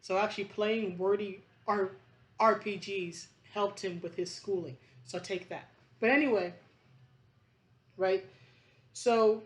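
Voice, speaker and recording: A woman's voice: medium pitch, fairly even intonation, slow pace. A woman vlogger talking in a rambling, passionate monologue, emphatic and choked up, with restarts and fillers.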